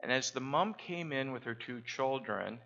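A man telling small everyday stories in a casual, unhurried way, pausing often with "uh". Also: medium pitch, animated, gravelly, sharp tone, dull audio. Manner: unhurried, with frequent "uh" pauses. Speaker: storyteller. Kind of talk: casual storytelling.

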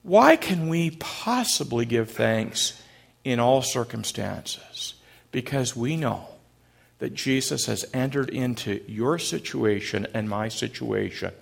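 Gravelly-voiced middle-aged pastor. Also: male voice, medium pitch, lively intonation, slow pace. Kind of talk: sermon.

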